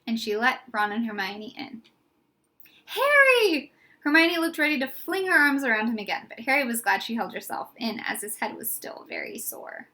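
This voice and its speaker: A woman giving a lively, expressive storybook read-aloud. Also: a little high, fairly quick, few pauses. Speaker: audiobook reader.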